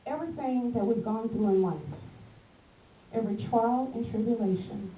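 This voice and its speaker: A fairly high-voiced woman evangelist preaches with passion and drives the call and response, asking "amen?" at every turn and calling her listeners "baby". She sounds set back from the mic in a roomy, echoing church. The recording is dull and lo-fi, with a faint hiss underneath. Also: moderate pace, recorded from a distance. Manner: passionate, emphatic, keeps asking the congregation "amen?". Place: church hall with a congregation.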